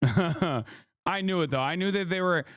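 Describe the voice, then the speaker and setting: A man's voice: fairly high pitch, normal speed, fairly bright tone, no room sound, studio quality. A man reacting on a live stream, joking and swearing as he talks over a playback.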